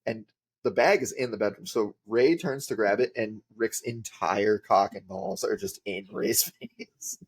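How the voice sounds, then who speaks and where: A man's voice: lowish voice, animated, measured pace, breathy edge. A man, a podcast guest telling rambling casual stories with lots of filler words. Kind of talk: casual storytelling.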